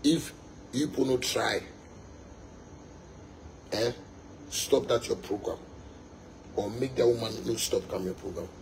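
A man's voice: mid-range voice, a little mellow, slight background noise, rough recording. A young Ghanaian man, a musician, delivering a fiery, emphatic monologue to his fans, repeating his points and slipping into pidgin.

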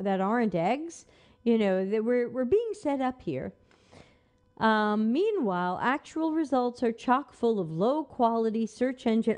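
A woman's voice: on the high side, darkish tone. A woman hosting a live stream who reads an article aloud and answers it with skeptical, sarcastic remarks. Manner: skeptical, sarcastic, talks back to the text. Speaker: host.

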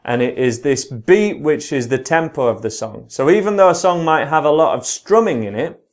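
A man's voice: on the high side, animated. British man counting a guitar lesson. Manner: counts along in a slow, drawn-out voice. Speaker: guitar teacher. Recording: guitar playing loudly behind the voice. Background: his own guitar playing.

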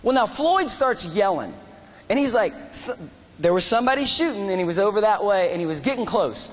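Animated high-voiced man speaking in a hall. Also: fairly quick. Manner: animated, acts out dialogue and shouts quoted lines. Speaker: motivational speaker and army veteran. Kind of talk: storytelling speech. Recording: reverberant hall with faint noise.

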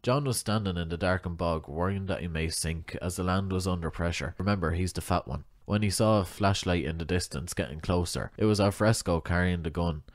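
A man narrates a comic short story, slipping in wry, deadpan asides. His voice is low, and the recording is close and dry, with no room around it. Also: brisk, hardly any pauses, dry recording.

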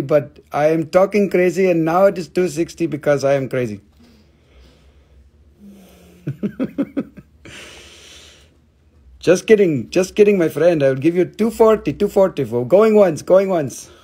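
A man's voice: a little high, a little slow, pauses often, dark tone, pitched above the performer's own voice. A man voicing a playful male gem seller in a put-on Indian accent, bargaining in a singsong way. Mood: haggling.

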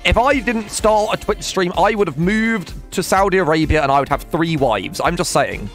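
A man's voice: high voice, expressive, normal speed, fairly bright tone, soft background music. A young man streaming a video game, commentating casually, swearing and laughing as he talks to chat and teammates.

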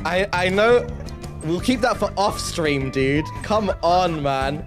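A man with a British accent on a gaming livestream, swearing freely and often yelling at the game. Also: high-pitched, expressive, takes it slowly. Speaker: streamer. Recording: loud game music over the voice.

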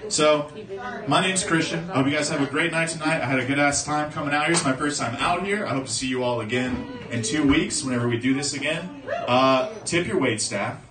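Profane young stand-up comic in a club. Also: male voice, fairly high pitch, a little fast. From South Florida. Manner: profane, storytelling, acts out voices in bursts. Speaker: stand-up comedian. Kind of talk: stand-up set. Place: comedy club stage. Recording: roomy club sound from a distance, crowd audible.

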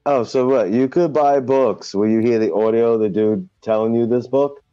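A man's voice: medium pitch, normal speed, a crowd in the background. A man co-hosting a podcast in slangy, profane casual chat, telling stories. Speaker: podcast co-host. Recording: dry, dull lo-fi sound.

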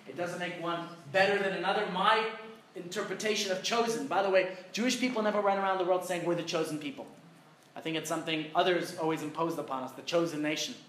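Echoey rabbi teaching a class. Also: male voice, high-pitched, fast talker, fairly bright tone, slight background noise. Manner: asks the class rhetorical questions, tells jokes. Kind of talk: conversational Torah class. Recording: very echoey room, mic far off.

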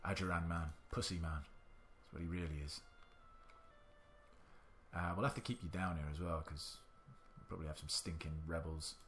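A man's voice: deep voice, steady tone, moderate pace, a bit bright, faint music behind. A man giving indecisive let's-play commentary, muttering to himself and swearing now and then. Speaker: gaming channel host.

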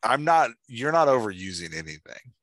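A man hosting a writing podcast, chatting in an animated way and filling his talk with "like" and "right?". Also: medium pitch, moderate pace, no echo. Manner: animated, lots of "like" and "right?", reads examples aloud. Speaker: podcast host, writing coach. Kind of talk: casual explanatory chat.

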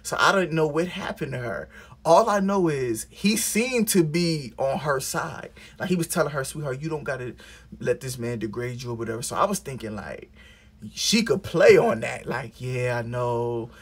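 A young man vlogger telling a story in a casual way, animated and acting out the voices he quotes. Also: mid-range voice, normal speed, husky. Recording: music playing behind the voice.

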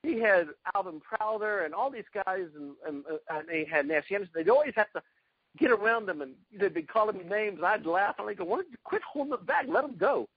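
Husky high-voiced man telling stories. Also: fairly quick, dry recording, highs cut off. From South Carolina, US. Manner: animated anecdotes, acting out quoted voices. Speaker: guest, retired karate champion. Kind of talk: storytelling in a casual interview.

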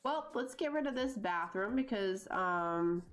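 A woman's voice: mid-range voice, expressive, measured pace, soft background music. A woman streaming a life-simulation game, rambling in casual commentary and talking exasperatedly to her chat.

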